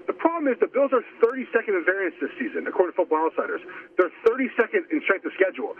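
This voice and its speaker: A man giving emphatic, fast-stumbling betting picks as a guest, heard over a remote call. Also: sits high, slight background noise. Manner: emphatic, repeats words when starting. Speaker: guest sports bettor. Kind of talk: sports betting analysis. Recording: tinny phone-line audio.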